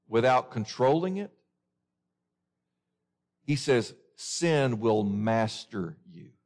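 A man's voice: medium pitch, darkish tone. A man preaching a sermon in an earnest way, often asking his listeners questions.

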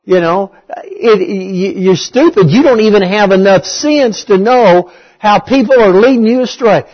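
A man's voice: sits high, measured pace, highs cut off. A man preaching a conversational bible study, asking his listeners questions and repeating key words.

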